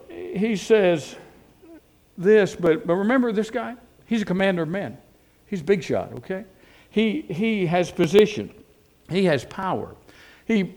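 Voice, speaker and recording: A man preaching a sermon in a folksy, animated way, with rhetorical questions and frequent restarts. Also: fairly high pitch. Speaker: pastor.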